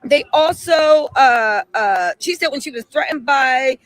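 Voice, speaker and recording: The recording is dry and rough, carrying a woman's high-pitched, animated voice at a measured pace. Hosting a casual live stream, she chats lively, reads viewer messages, and fires emphatic rhetorical questions.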